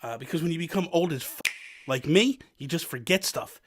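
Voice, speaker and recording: Man, 30s, channel host; loud, jokey, rambling delivery, a touch high-pitched. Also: brisk. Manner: joking, self-mocking, loud and energetic. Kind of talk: casual rambling chat. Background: faint background music.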